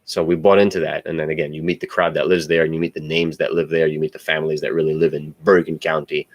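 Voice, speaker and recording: Deep-voiced man telling profane stories. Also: quick pace, no echo. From United States. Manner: profane, animated, digressive. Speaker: podcast host. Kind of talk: casual personal storytelling.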